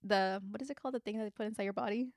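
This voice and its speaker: A woman's voice: medium pitch, racing, a little mellow, no echo, studio quality. A woman chatting on a podcast as a guest, telling personal stories and laughing often. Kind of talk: casual chat.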